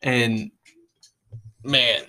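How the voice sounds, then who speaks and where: A man's voice: medium pitch, fairly even intonation, very slow, pushed and bright. A young man hosting a podcast alone, rambling in a casual, profane way with a lot of "you know what I mean.". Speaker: podcast host. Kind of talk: casual solo monologue.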